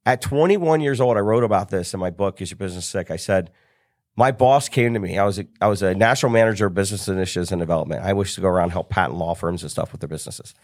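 Animated middle-aged man telling a story. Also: sits low, rapid-fire, no room sound, studio quality. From United States. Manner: animated storyteller acting out quoted dialogue. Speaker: business coach, podcast guest. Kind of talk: storytelling in casual conversation.

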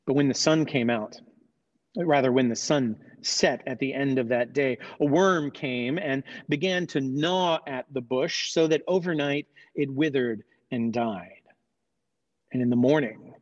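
A man preacher retelling a Bible story in a dramatic, expressive sermon. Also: a little high. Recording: dull lo-fi recording.

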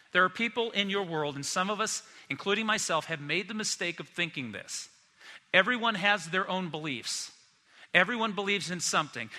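A male pastor delivers a sermon in a high, cutting voice with a very bright, forceful edge. He is animated and slips into the voices of the people he quotes. His words ring out with the long reverb of a big church hall.

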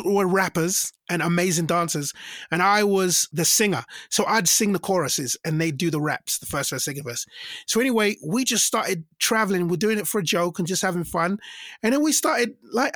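A middle-aged man with a fairly high, gravelly voice tells stories in an easygoing interview. He jumps up in pitch to act out other people's lines. The sound is close and dry. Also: normal speed, no echo. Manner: animated, acts out quoted voices with big pitch jumps. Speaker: singer and interview guest. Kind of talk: casual storytelling interview.

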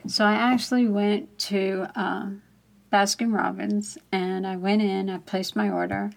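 A woman's voice: mid-range voice, level tone, unhurried, creaky. A woman co-hosting a casual faith talk show, telling a personal story in a candid, rambling way and laughing often.

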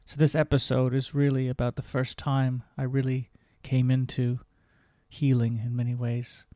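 A man's voice: mid-range voice, monotone, moderate pace, warm tone, no room sound, clean studio sound. A man hosting his own podcast, reading his memoir in an earnest, reflective way. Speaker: podcast host.

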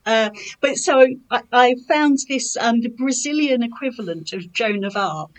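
A woman's voice: a little high, moderate pace, low-quality recording. A woman poet in a casual chat about her writing, talking hesitantly with many fillers. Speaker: poet and author.

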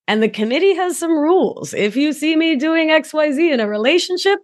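A woman guest on a podcast, a wellness and somatics coach who talks in an effusive, playful way, dropping soft and then rising to exclaim. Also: high voice, expressive, brisk. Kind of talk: casual podcast conversation.

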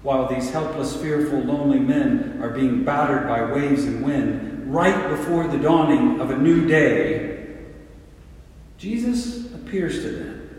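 A man preaching a sermon as pastor, deliberate and full of rhetorical questions and repeated words. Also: medium pitch, a little mellow. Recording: echoey hall from a distant mic.

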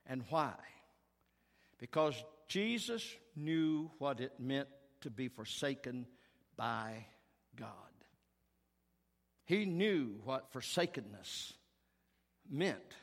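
A man preaching a sermon as pastor, earnest and emphatic, rising to strong peaks and falling to hushed tones. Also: mid-range voice, very animated, slow. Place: church sanctuary. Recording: long reverb of a large hall.

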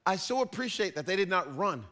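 A man preaching as a pastor, animated and acting out little scenes in put-on voices. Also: high voice, brisk. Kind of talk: sermon.

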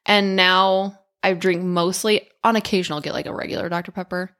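A woman in her thirties, a mother chatting casually and acting out quoted lines in a high voice. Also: little pitch movement, brisk, fairly bright tone. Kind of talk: casual chat.

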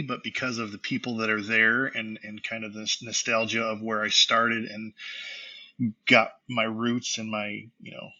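A man's voice: mid-range voice, bright, forceful tone, dull audio. A man, a musician being interviewed, talking reflectively and hesitantly with many fillers. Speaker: guest musician. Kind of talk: casual interview answers.

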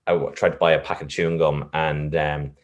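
A man's voice: very deep voice, little pitch movement, a little fast. A man reflectively telling a personal story, with many fillers and restarts. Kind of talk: casual storytelling.

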